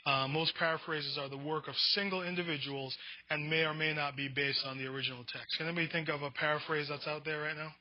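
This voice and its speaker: Male Bible teacher, fairly high voice, casual lecture style with restarts, dry muffled recording. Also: steady tone, quick pace, dry recording. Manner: conversational, restarts words, reads definitions off slides. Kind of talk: classroom lecture.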